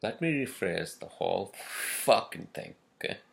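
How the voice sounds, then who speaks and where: A man with a very low, gravelly voice rants his way through a casual monologue. He talks slowly and drags his words out, and he swears at nearly every turn as he hammers his points home. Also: expressive, fairly bright tone. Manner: profane, rambling, emphatic. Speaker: podcast host.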